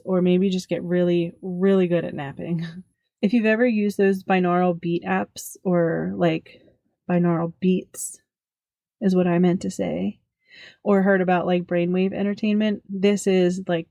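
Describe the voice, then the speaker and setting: Giggly low-voiced woman podcast host. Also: warm tone, no echo. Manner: giggly, jokey asides; self-deprecating, chatty fillers. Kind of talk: casual podcast monologue.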